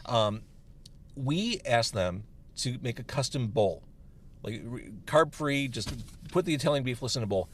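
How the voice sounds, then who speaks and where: A man hosts a podcast from a parked car, talking in a chatty, playful way. His pitch rises and falls a lot, and a faint hum of noise runs underneath. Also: a little slow. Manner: chatty, playful, animated delivery. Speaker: podcast host. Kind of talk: casual chat in a car over food.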